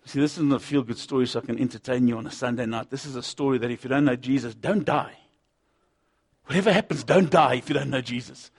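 A middle-aged man preaching a sermon, impassioned, swinging from loud urgency to hushed intensity. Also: medium pitch, quick pace, slightly rough.

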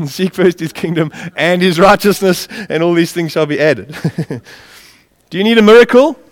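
A man preaching a sermon, impassioned and lively, with chuckles as he tells stories. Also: high voice, moderate pace. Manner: impassioned, with a lively rise and fall; chuckles while telling stories. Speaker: pastor. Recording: long reverb of a large hall.

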